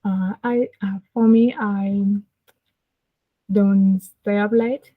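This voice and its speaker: A woman answers slowly and haltingly in an even, flat voice, hunting for each word. Her voice comes through a tinny, phone-like line that sounds dry and close. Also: medium pitch, dry recording. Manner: hesitant, many fillers. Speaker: student. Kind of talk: hesitant practice answers. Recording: tinny phone-like call audio.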